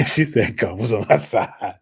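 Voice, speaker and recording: A man's voice: measured pace, gravelly, slight background noise. Giggly, chatty man hosting a home giveaway. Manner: chatty and giggly, with sudden high excited squeals. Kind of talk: casual chat while drawing giveaway winners.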